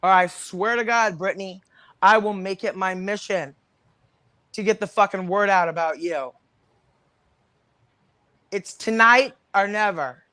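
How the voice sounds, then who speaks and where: A woman's voice: mid-range voice, unhurried, long pauses, bright, forceful tone, no room sound. A woman on a livestream panel, delivering an angry, confrontational rant full of swearing.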